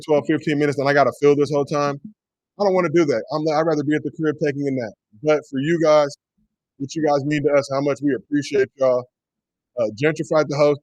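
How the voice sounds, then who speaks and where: A man in his forties co-hosting a casual sports livestream, joking and giving shout-outs to the chat. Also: fairly high pitch, no room sound. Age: 40s. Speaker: co-host.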